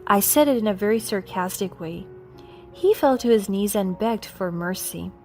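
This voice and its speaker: A woman reading a scripted first-person story in a cool, steady, matter-of-fact way. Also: mid-range voice, normal speed, faint music behind. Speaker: narrator.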